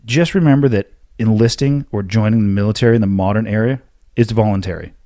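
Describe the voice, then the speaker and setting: Male podcast host, low-ish voice, blunt and emphatic, dry close mic. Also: fast, mellow, no echo. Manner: blunt, emphatic, occasionally profane. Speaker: podcast host answering listener questions. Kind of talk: solo Q&A monologue.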